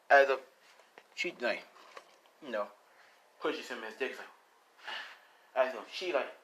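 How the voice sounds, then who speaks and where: A young man improvising a fan-made story, rambling through it with constant "you know" and "like". His pitch swings in a lively way and his tone is bright and forward. A faint hiss sits behind him. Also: a little slow, pauses often.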